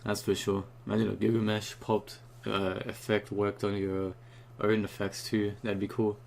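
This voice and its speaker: A young man ranting casually and excitedly about a new card, rambling and swearing often, just after waking up. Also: on the low side, normal speed, vocal fry, slight background noise. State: just woke up. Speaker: YouTuber reviewing a card.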